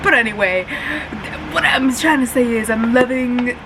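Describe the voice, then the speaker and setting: A woman's voice: a little high, normal speed, vocal fry. A young woman chatting casually to her camera at home, full of "like" and "um", with a fan running in the room. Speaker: vlogger. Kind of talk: casual reading-update vlog. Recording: steady fan hum behind.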